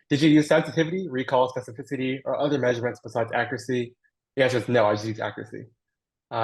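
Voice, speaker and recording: A man with a slightly husky, breathy voice answers audience questions on a video call. He thinks aloud as he goes, hedging and restarting with plenty of fillers. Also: medium pitch, poor audio. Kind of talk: online Q&A after a technical talk.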